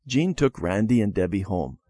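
A man reading a children's story lesson in a measured storybook manner. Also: on the low side, lively intonation, warm tone, dry recording. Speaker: reader. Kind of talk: scripted narration of a children's lesson.

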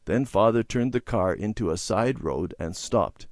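A man narrating a children's moral story in an expressive, sing-song reading style. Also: lowish voice, unhurried, no room sound, clean studio sound. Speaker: story reader.

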